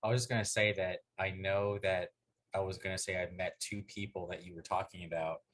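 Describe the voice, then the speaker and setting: A man's voice: sits low, flat delivery, fairly bright tone. A man co-hosting a casual podcast chat, rambling and cursing, cutting in often. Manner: rambling, profane, quick to jump in. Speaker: podcast co-host.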